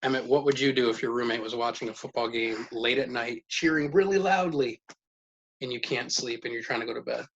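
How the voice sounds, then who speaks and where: A man's voice: mid-range voice, brisk, breathy edge. A man leading a casual life-skills lesson at home with his children, asking questions and praising their answers. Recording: dull lo-fi sound with faint noise.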